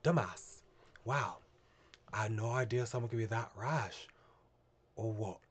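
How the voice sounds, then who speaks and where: A man voicing a blunt, sarcastic otherworldly guide in an attempted Northern English accent, reading a visual novel aloud. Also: on the low side. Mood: mocking. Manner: mocking, rough, drawn-out questions.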